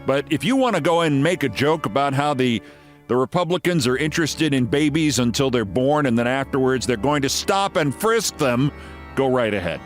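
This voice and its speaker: A man's voice: mid-range voice, expressive, moderate pace, faint music behind. A man in his sixties hosting a political commentary show, with a sarcastic, theatrical delivery and emphatic swings in his voice. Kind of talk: scripted sardonic commentary.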